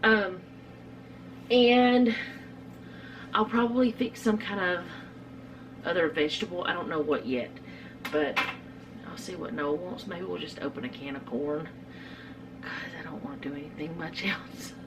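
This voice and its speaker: A woman's voice: lowish voice, unhurried, long pauses, background noise. A middle-aged woman, chatting casually through a home cooking vlog in her kitchen, rambling with lots of fillers.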